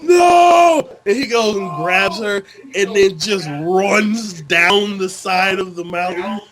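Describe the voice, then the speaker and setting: Amid crowd noise, a high-voiced man co-hosting a casual chat speaks at a slow pace, animatedly recounting scenes by acting out lines and adding sound effects.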